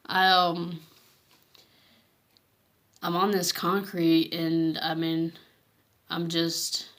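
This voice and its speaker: A woman tells her personal faith story in a casual, earnest way, reading from her journal as she goes. Her voice sits a little low, and her speech is halting, full of restarts and fillers. At moments she drops to a hush. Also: monotone. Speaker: vlogger sharing her faith testimony.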